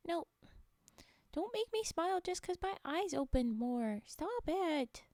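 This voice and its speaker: During an ASMR stream, a woman chats playfully with viewers, soft-spoken and often dropping to a whisper, giggling a lot. Her voice is very high-pitched, sing-song and slow.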